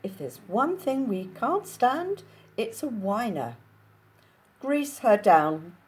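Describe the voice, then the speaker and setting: Woman doing a flamboyant male stylist, high, affected, bossy, storybook reading. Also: sing-song, slow, darkish tone, breathy edge, full character voice.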